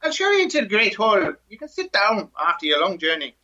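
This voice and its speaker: A man's voice: sits high, wildly swooping pitch, a little fast, bright, forceful tone, pitched above the performer's own voice, exaggerated voice. A man doing a sly Irish giant's wife. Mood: sweetly coaxing. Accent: put-on Irish. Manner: sweetly coaxing, hospitable. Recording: dull lo-fi audio.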